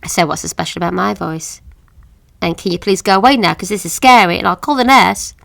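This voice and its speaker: An actress playing a haunted woman, recalling a childhood horror in a halting, hushed audio drama monologue that sinks to whispers. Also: fairly low pitch, vocal fry, no room sound. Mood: frightened. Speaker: witness recounting an account.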